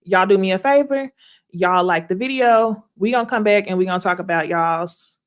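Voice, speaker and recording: A woman hosts a casual reality TV recap in an animated, blunt way. She swears freely and laughs often as she talks. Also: mid-range voice, moderate pace, clear, resonant tone. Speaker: host.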